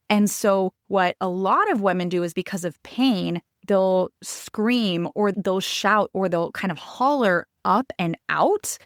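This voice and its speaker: Her medium-pitched voice captured in clean studio sound without echo, a woman in her thirties hosts a podcast. She confides a personal story with emphasis, talking right to her audience.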